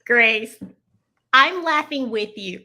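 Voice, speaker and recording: Bright-voiced woman chatting with her audience. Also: a little high, slow pace. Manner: lively, talks straight to the audience. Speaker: co-host. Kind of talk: casual chat.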